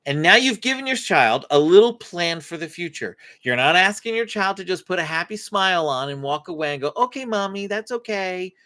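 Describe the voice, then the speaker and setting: A man's voice: a little high, a little fast, few pauses. A man hosting a live-stream parenting Q&A, teaching with faith-based advice and acting out parent and child lines. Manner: animated, acts out parent and child lines in dialogue. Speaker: parenting coach and host.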